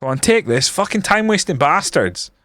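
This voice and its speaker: A man's voice: sits high, big pitch swings, fairly quick, pushed and bright, dry recording, studio quality. A young man streaming a football management game, grumbling and swearing casually as he comments on his matches. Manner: frustrated, grumbling, swears often.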